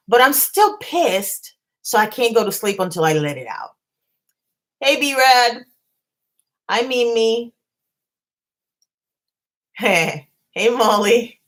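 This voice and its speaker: A woman with a slightly high, somewhat bright voice hosts a casual live stream from her bedroom for her commentary channel, ranting bluntly with swearing and greeting viewers between points.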